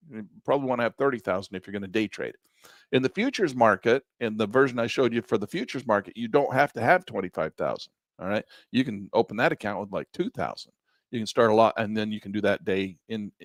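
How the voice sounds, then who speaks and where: A middle-aged man teaching a trading class while sharing his screen, often checking in with "all right?", a bit hoarse and clearing his throat. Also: medium pitch, dry recording, clean studio sound. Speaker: trading instructor. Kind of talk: screen-share class walkthrough.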